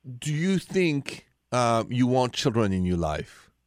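A man's voice: medium pitch, sing-song, slow pace, no echo, clean studio sound. A middle-aged man from France with a thick French accent, hosting a radio call-in advice show in a chatty, friendly way. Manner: friendly, chatty, self-deprecating about his accent.

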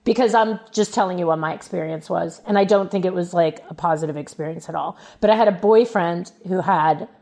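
A woman's voice: on the low side, fairly quick, gravelly, hardly any pauses, darkish tone. A woman from Louisiana speaking as a podcast guest in casual chat, telling personal stories frankly and laughing along the way.

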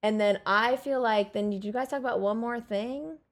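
A woman telling a long, animated story in casual chat, swearing freely and acting out what people said. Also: a little high, moderate pace. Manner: animated, profane storytelling with acted-out quotes.

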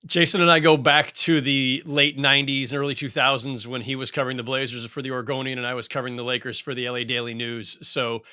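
A middle-aged man with a bright, forward voice gives measured, thoughtful answers as a podcast guest. His sound is dry and close, with no room around it. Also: mid-range voice, no echo. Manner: measured, thoughtful, talks in long considered sentences. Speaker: veteran sports reporter, guest. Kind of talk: casual podcast interview.

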